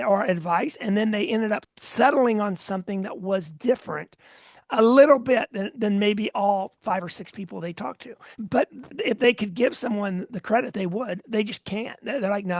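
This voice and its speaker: A man's voice: sits high, creaky, dry recording, studio quality. A man, a sales coach, talking as a podcast guest, telling a story in a chatty way with many restarts and quoted dialogue. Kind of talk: conversational storytelling in a podcast interview.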